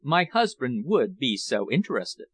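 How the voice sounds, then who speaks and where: A man's voice: mid-range voice, very animated, measured pace, slightly rough. A man reading the part of a polite, insistent society hostess in an audiobook. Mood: gracious.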